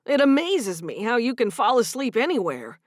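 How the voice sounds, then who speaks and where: A woman's voice: a little high, sing-song, normal speed, no echo, clean studio sound. A woman voicing a good-natured young Amish husband, in her own voice. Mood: warm.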